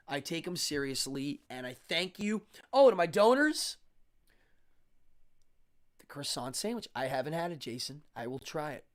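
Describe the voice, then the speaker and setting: A man's voice: high-pitched, fairly bright tone. A man hosting a live stream, chatting casually and animatedly, greeting viewers and reading the chat aloud into a studio microphone.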